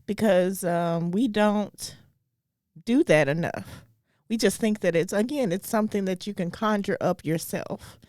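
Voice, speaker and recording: A woman's voice: medium pitch, measured pace, darkish tone, no echo, clean studio sound. A woman co-hosting a casual chat, talking through faith in an earnest, thoughtful way. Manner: earnest, thoughtful, gets briefly emotional. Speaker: comedian and co-host.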